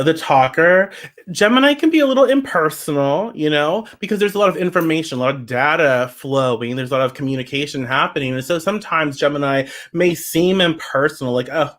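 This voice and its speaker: A man's voice: on the high side, a bit bright. A man giving a casual livestream tarot reading, chatty and emphatic, reacting to viewer comments as he goes. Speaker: tarot reader.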